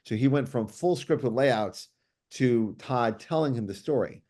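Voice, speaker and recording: A middle-aged man, a comics writer guest, telling stories in casual chat, animated and quick with many restarts and fillers. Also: mid-range voice. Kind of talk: casual storytelling.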